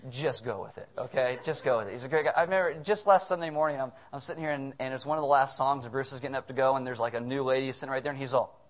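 Male pastor, sermon storyteller, lively and earnest. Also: mid-range voice, very fast. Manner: animated storytelling, chuckling asides.

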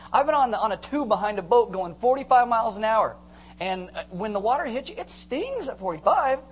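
A man preaching a sermon to a congregation, animated, acting out scenes and joking with the crowd. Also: sits high, a little fast, slightly rough. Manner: animated, acts out screams and jokes with the congregation. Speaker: pastor.

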